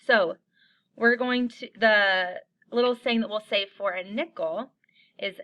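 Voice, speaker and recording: A woman teaching coins to young children in an online lesson, upbeat and encouraging, chanting little rhymes slowly for them to repeat. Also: medium pitch, dull audio.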